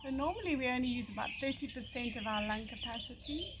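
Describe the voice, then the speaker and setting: Calm high-voiced woman guiding yoga breathing. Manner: calm, slow, soothing guidance with pauses. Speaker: yoga teacher. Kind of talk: guided yoga breathing instruction. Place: outdoors by a country lane. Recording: outdoor noise with birdsong. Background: birdsong.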